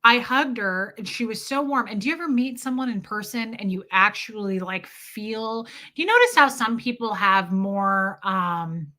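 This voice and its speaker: A woman's voice: mid-range voice, lively intonation, moderate pace, few pauses, sharp tone. A young woman live-streaming, telling a rambling, chatty story and greeting viewers as she goes.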